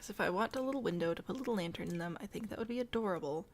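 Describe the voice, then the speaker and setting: A woman's voice: medium pitch, very fast, a little hiss or hum. A young woman from the Midwest chatting casually on a live stream as she builds in a game, laughing often and murmuring to herself. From American Midwest.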